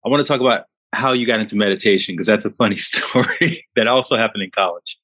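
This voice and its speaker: Husky low-voiced male interviewer. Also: fast, a bit bright, dry recording. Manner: laughing, prompting questions. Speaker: interviewer host. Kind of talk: casual interview.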